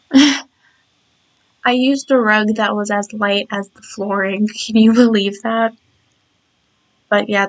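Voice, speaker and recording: A tired woman talks casually over her game-build video, her voice a bit croaky and scratchy. She sits a touch higher than most women. She rambles in a loose, chatty way, with plenty of restarts. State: tired and yawning.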